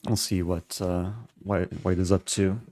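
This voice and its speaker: A man streaming live, thinking aloud as he calculates his moves in a relaxed, halting way. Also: sits low, dry recording. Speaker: chess streamer. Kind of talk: live-stream game commentary.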